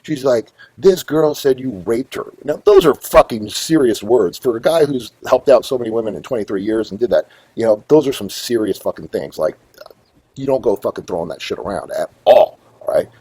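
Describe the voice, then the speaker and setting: A middle-aged man spins a rambling, swear-heavy story, his low voice swooping up and down as he gets worked up. The tone is dark and husky. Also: brisk, dry recording, low-quality recording. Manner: profane, rambling, animated storyteller. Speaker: host. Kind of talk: casual storytelling monologue.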